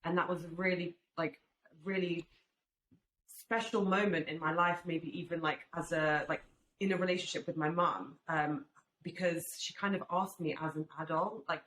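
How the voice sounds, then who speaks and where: A young woman with a low voice speaks earnestly and reflectively, with frequent fillers and restarts. She is recorded in an echoey room with faint background noise. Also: steady tone, moderate pace, a bit bright. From Albanian family, raised in UK. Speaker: guest, swimwear brand founder. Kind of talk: casual podcast chat.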